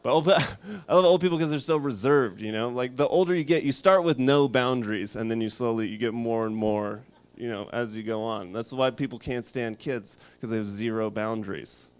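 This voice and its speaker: A man in his thirties doing a stand-up set in a studio, with dry, deadpan delivery and frequent restarts. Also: mid-range voice, a little fast, hardly any pauses, smooth. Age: 30s. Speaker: stand-up comedian. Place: music studio.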